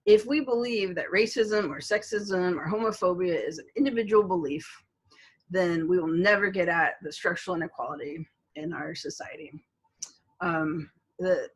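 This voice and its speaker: Husky-voiced woman lecturing. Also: fairly low pitch, poor audio. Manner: conversational, filler-heavy, storytelling asides. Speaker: college instructor. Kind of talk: recorded online lecture.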